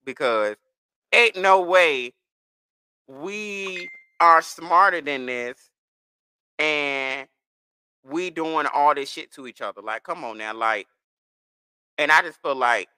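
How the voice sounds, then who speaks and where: A young man in casual podcast chat, animated, rambling and profane. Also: fairly high pitch, takes it slowly, pauses often, smooth, dry recording, studio quality.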